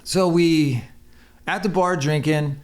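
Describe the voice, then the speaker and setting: A man's voice: on the high side, steady tone, slow. A man who is a podcast guest and former motocross racer, telling a long, rambling, profane story in casual chat and acting out the quotes.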